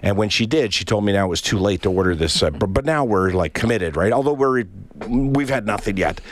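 A man's voice: on the low side, a little fast. A middle-aged Canadian man in casual chat, telling a long anecdote and acting out the voices of the people in it. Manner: animated anecdote with acted-out voices.

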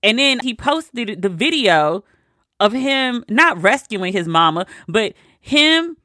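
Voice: medium pitch, sing-song, slow pace, sharp tone, no room sound, studio quality. A host telling a personal story in a casual monologue, with wry, incredulous asides.

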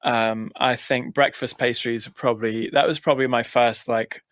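A man's voice: medium pitch, steady tone, normal speed, a bit bright, no room sound. A man with an English accent, a guest in a casual interview, talking in a dry, rambling way with many restarts. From United States. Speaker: musician guest.

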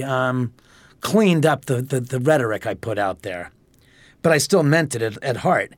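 A man interviewed at length, telling a story in an animated way and swearing freely. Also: medium pitch, normal speed, no room sound. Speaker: homeowner interviewed about a haunting.

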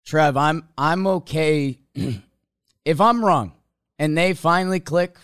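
A man co-hosting a sports podcast, chatty and often laughing, with halting restarts. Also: fairly high pitch, a bit bright, clean tone, no room sound, clean studio sound. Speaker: podcast co-host. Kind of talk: casual sports talk.

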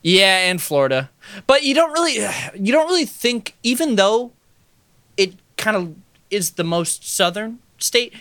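A man's voice: sits high, very animated, measured pace, pushed and bright, dry recording. A man from the United States with an American accent, co-hosting a casual podcast chat, thinking aloud with hedges and fillers. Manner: thoughtful, hedging with fillers. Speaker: podcast co-host.

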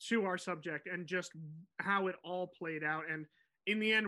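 A man hosting a podcast, telling a music story in an animated, digressive way. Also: high-pitched. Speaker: podcast host.

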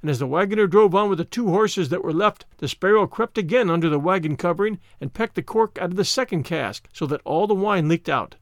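Storyteller, male, measured expressive delivery, dry close sound. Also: high voice, no room sound. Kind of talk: fairy tale reading.

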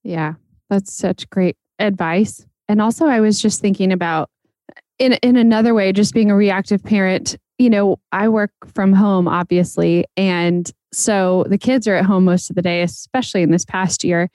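A woman's voice: mid-range voice, fairly even intonation, normal speed, a little mellow, no room sound. A woman host in casual podcast conversation, reflecting on parenting with many fillers.

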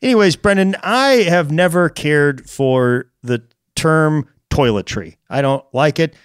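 A man's voice: on the high side, animated, a little slow, smooth, no echo, clean studio sound. A man co-hosting a podcast, chatting casually and wryly about crossword clues and word pet peeves. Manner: wry, opinionated, laughs while talking. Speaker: podcast co-host.

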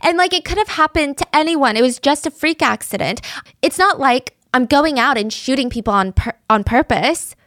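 A woman's voice: lively intonation, moderate pace, fairly bright tone, no room sound, studio quality. Woman putting on a whiny young woman. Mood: self-pitying. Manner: whining, shrill, pleading.

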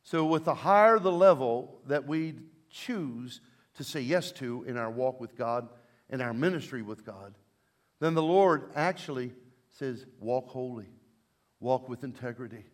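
A pastor delivers a sermon in a mid-range voice with lively intonation and an unhurried pace. He alternates between loud emphasis and quiet asides while leading his congregation in call and response.

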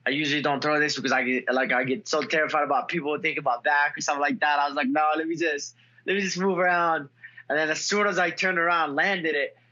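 A man's voice: on the high side, fast, lo-fi sound. A young man, a fighter and guest, telling stories in a casual interview with lots of fillers and restarts. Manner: excitable storyteller, many fillers and restarts.

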